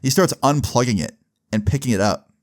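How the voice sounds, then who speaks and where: A young storytelling vlogger speaks briskly in a mid-range voice, relating a story to camera in a casual way. He's clearly exasperated, and the retelling is laced with profanity.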